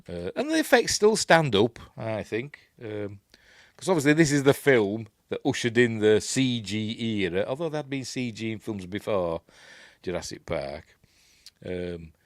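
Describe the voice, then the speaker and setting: A Yorkshire man talks through a film in a relaxed, meandering way, pausing often to search for words and wander off on tangents. His voice sits on the low side and comes across close and dry, with no room sound around it. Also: no echo. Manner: rambling, hesitant, full of asides. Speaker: film reviewer. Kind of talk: casual film commentary over playback.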